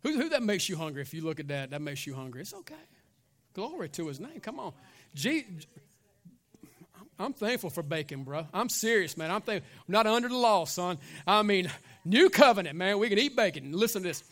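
A man preaching a sermon as pastor, animated, with call-and-response asides and casual joking. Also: sits high, fairly quick.

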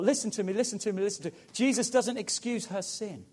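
Pastor, male, high-pitched voice, emphatic sermon delivery. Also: quick pace, few pauses. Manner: emphatic, building to loud preaching.

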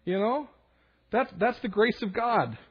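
A man's voice: high voice, animated, a little slow, husky, highs cut off. A young adult male minister preaching a sermon in a conversational way, acting out quoted voices and adding asides.

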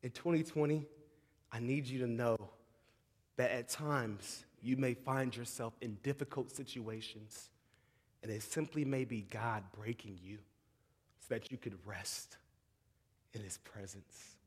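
A man preaching a sermon, moving between shouting excitement and hushed, tender tones and often calling the audience "y'all". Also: medium pitch, unhurried, pauses often, slightly rough. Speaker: pastor. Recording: long hall reverb.

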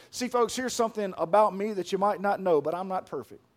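A pastor in his thirties preaching a sermon, emphatic and deliberate, then soft and hushed as he tells a personal story. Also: high-pitched.

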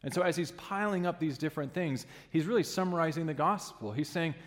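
A man's voice: a little high, fairly quick, in a large hall. A man preaching a sermon in a church, earnest and emphatic, sometimes restarting a phrase.

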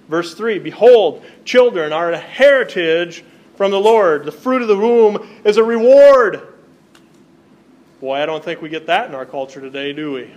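A fairly high, fairly bright male voice comes through with slight background noise. He's a pastor delivering a sermon, reading from the Bible aloud and then explaining the passages to his congregation.

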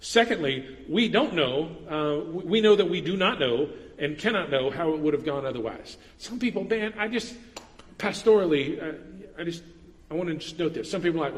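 A man's voice: high-pitched, lively intonation, brisk, big-room sound. A man preaching an earnest sermon as pastor, stressing points with repetition.

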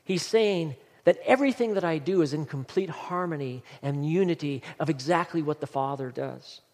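Emphatic preaching man, fairly high voice. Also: normal speed, a little mellow, big-room sound. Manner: earnest, emphatic preaching with scripture reading. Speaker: pastor. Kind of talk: sermon.

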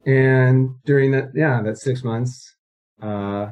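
A man's voice: mid-range voice, fairly even intonation, slow pace, darkish tone, highs cut off. A man in his thirties, a guest recounting his life story in a casual interview, rambling with many fillers and restarts.

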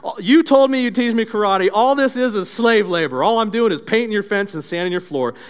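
A man's voice: on the high side, animated, fast talker, fairly bright tone. A man voicing a frustrated teenage boy who complains in a whiny, indignant way. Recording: long church reverb.

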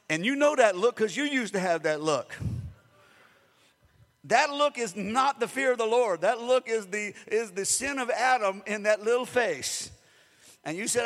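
Man preaching, high voice, lively call-outs to the congregation, reverberant hall. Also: moderate pace. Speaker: pastor. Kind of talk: sermon.

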